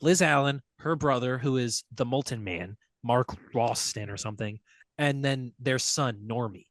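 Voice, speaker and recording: Recorded without echo, this young podcast host speaks at normal speed in a medium-pitched voice. He's casual and animated, swapping stories and swearing without restraint.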